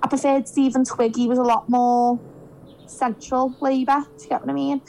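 A young woman from Liverpool with a Scouse accent, chatting on a podcast as a guest and telling lively stories where she acts out what people said. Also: high voice, moderate pace, gravelly, low-quality recording. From Liverpool, England. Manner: animated storyteller, acts out quotes. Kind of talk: casual chat.

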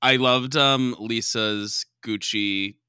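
A man's voice: medium pitch, steady tone, takes it slowly, sharp tone, clear, resonant tone, no room sound, clean studio sound. A man co-hosting a podcast in casual chat, dropping wry one-liners. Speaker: podcast co-host. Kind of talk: casual chat recapping a reality show.

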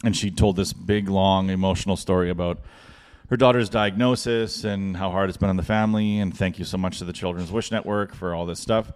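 Low-ish voiced young guy rambling thru a comedy story, lots of likes and restarts. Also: steady tone, a little fast, darkish tone. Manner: rambling anecdotes full of "like" and restarts. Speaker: comedian and podcast co-host.

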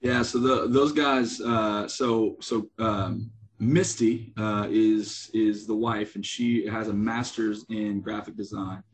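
A man with a slightly low voice talks in a loose, easygoing way as a podcast guest. He drops casual swear words as he goes. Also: fairly even intonation, slow pace. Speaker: guest from a beer distributor. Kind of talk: casual chat.

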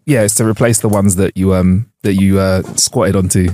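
A man's voice: sits low, fairly even intonation, moderate pace, mellow. A young man, co-hosting a podcast in a studio and bantering casually with his friend, full of slang like "bruv" and "innit". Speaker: podcast co-host. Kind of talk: casual chat.

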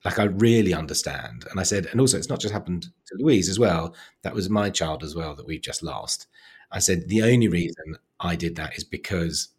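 A man with an English accent, a guest in an interview, telling personal stories softly and haltingly, with frequent restarts. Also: sits low, breathy edge. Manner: soft-spoken, halting, with many restarts and fillers. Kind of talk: reflective conversational storytelling.

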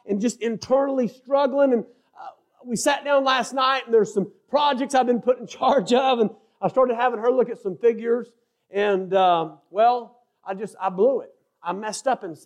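High-voiced fervent male preacher. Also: dull audio. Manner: fervent, swings from shouting to quiet confession. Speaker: assistant pastor preaching. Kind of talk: sermon.

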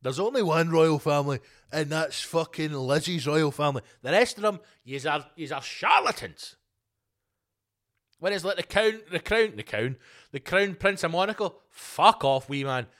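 A man hosting a solo podcast, ranting with heavy swearing and sarcasm, jumping between loud outbursts and low muttered asides. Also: lively intonation, normal speed. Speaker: podcast host.

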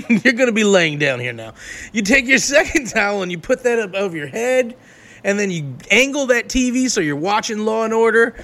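A man telling crude, animated road stories in casual chat, laughing as he goes. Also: sits high, moderate pace. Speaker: touring performer. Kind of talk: raunchy casual storytelling.

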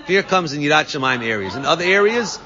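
A man teaching a Talmud class, reading Aramaic phrases and translating each one with quick asides. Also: fairly high pitch, sing-song, a crowd in the background. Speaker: Torah teacher. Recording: dull sound with long reverb.

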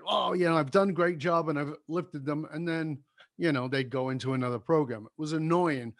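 A middle-aged man who once ran a seminar company, telling stories in a casual conversation and acting out the voices of the people he quotes. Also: mid-range voice. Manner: animated storyteller who acts out quoted voices. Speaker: former seminar company owner.

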